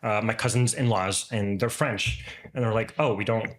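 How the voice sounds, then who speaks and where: A man's voice: on the low side, steady tone, normal speed. A man in casual group conversation, reflecting and explaining ideas step by step.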